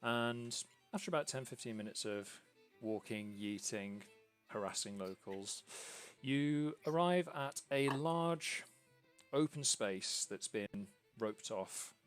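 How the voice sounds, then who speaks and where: A man narrating a tabletop game as game master, in a relaxed, meandering way with lots of ums. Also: medium pitch, slow pace, clean tone, faint music behind. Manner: relaxed, rambling with ums and uhs.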